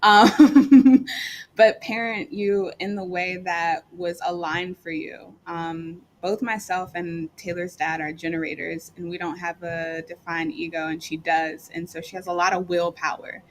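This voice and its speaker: A woman's voice: on the low side, fairly even intonation, measured pace, a little hiss or hum. A middle-aged woman, a guest on a talk show, chatting and telling stories with lots of fillers. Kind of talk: casual talk show conversation.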